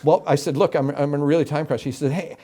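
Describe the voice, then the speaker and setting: Middle-aged guy, kinda high voice, really animated, acts out every quote in his story. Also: fast. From Florida. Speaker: interview guest, game show announcer. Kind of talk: storytelling in an interview.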